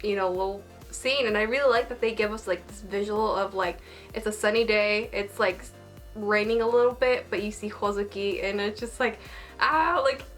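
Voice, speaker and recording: A woman's voice: mid-range voice, fairly even intonation, moderate pace, faint music behind. A woman chatting casually as an anime reviewer, bubbly and gushing, full of filler words. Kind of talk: casual chat.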